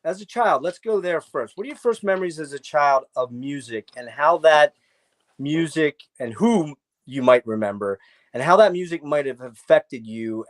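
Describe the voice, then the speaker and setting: A man hosting an interview, chatting like an enthusiastic fan and asking long, wandering questions. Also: mid-range voice. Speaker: podcast host. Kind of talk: casual interview chat.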